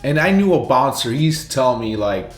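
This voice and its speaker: A man hosting a reaction video, talking casually and tagging his points with quick questions to the viewer. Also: medium pitch, very animated, roomy sound, faint music behind. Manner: chatty, laughing asides, ends points with "right?". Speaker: reaction channel host.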